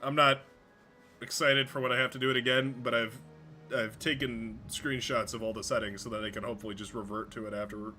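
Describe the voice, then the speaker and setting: Male streamer, bright and forceful tone, rambling casual delivery with restarts, faint music underneath. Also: medium pitch, little pitch movement, fairly quick. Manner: rambling, stumbles over words, swears casually. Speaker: game streamer. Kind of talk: casual live-stream commentary.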